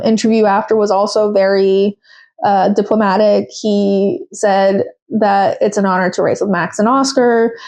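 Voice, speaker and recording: A woman's voice: medium pitch, dark tone. A young woman hosting a podcast, chatting casually and with strong opinions, full of fillers. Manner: chatty, opinionated, with frequent fillers and quoted voices. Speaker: podcast host. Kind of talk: casual solo recap chat.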